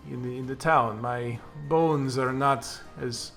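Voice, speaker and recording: A man voicing a frail, kindly and sly old woman fortune teller who talks gently, slowly and courteously, in a tabletop game. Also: medium pitch, steady tone, soft background music. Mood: gentle.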